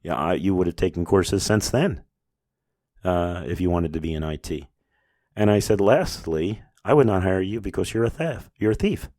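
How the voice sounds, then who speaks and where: Low-voiced man telling a business story. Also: expressive, normal speed, a little mellow, dry recording, studio quality. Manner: anecdotal, acts out both sides of conversations. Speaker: business owner hosting a podcast. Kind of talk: casual storytelling monologue.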